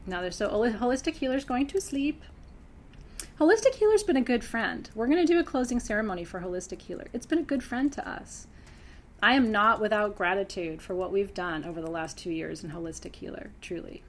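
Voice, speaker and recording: With slight background noise behind her mid-range voice, a spiritual teacher hosts a member Q&A. Her address to her students is heartfelt and earnest, close to tears, dipping to a hush before rising with bright laughter.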